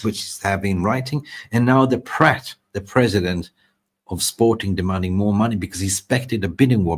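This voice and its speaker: A man hosting a live football transfer show, excitable and rambling, repeating words for emphasis. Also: medium pitch, husky. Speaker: host.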